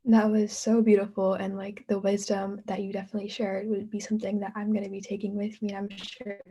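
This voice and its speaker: A young woman moderates a panel over a video call. Her voice is mellow and breathy, and her intonation stays flat. She speaks politely and appreciatively. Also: mid-range voice, brisk.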